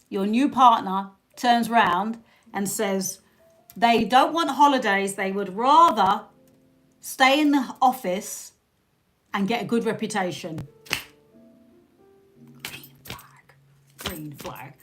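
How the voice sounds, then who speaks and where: A woman's voice: on the high side, a bit bright, slight background noise. A British woman hosting a casual live stream, chatting and laughing with her viewers and thanking them by name. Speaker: livestream host.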